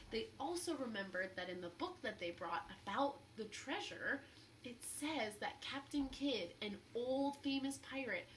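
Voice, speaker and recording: A woman teacher reading a children's book aloud at story time, expressive and encouraging. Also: on the high side, far from the mic, slight background noise, rough recording.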